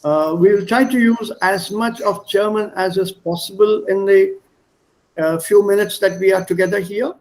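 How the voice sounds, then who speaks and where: A man's voice: high-pitched, steady tone, moderate pace, darkish tone, low-quality recording. A man teaching an online class over a video call, repeating and spelling words and coaxing his students to speak. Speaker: language teacher.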